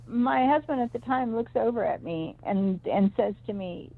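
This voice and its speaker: Over a tinny phone line, a middle-aged psychic reader shares a personal story on a call-in show, rambling, emphatic and restarting often. She speaks at normal speed with an expressive, highish voice and vocal fry.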